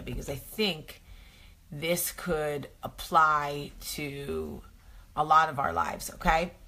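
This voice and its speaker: Chatty female host, deep and husky, unhurried, rambling with fillers. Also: sharp tone. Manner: rambling storyteller, many ums. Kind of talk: casual morning chat.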